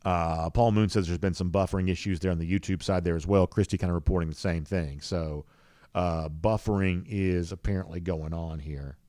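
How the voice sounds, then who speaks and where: A man's voice: sits low, steady tone, normal speed, mellow, no echo, clean studio sound. A man hosts a live show, reading viewer comments in an easygoing, rambling way with many fillers. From rural US South. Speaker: podcast host.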